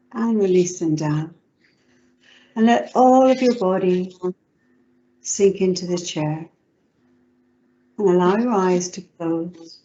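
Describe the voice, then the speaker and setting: A woman psychotherapist leading a guided relaxation exercise over a video call, giving slow, soothing instructions. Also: mid-range voice, dark tone, muffled recording, slight background noise.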